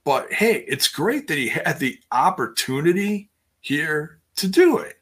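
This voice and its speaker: A man with a husky, bright-edged voice talks through a wrestling recap in a loose, rambling way. He restarts his sentences often and jumps up in pitch when he acts out what people said. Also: very animated, unhurried. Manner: rambling and self-interrupting, acts out quotes in a higher voice. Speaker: wrestling show recap host. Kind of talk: casual wrestling recap chat.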